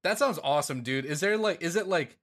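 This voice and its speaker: A man's voice: fairly high pitch, lively intonation, fairly quick, a bit bright. A man co-hosting a podcast in a rambling, casual chat, swearing and laughing often. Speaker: podcast co-host.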